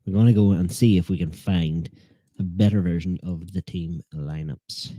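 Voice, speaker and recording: A man hosts a live football watchalong, joking at his own expense and needling the chat. His voice sits low and mellow. The sound is dry and close. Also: moderate pace, no room sound. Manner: joking, self-deprecating, teasing viewers. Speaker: fan channel host.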